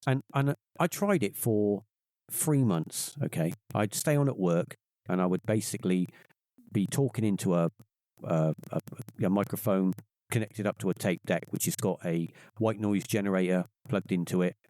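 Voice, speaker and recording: Speaking at a normal pace, a middle-aged man shares a personal anecdote as a guest on a podcast. He's animated, voicing the characters himself and raising his pitch for their quotes. The recording is dry.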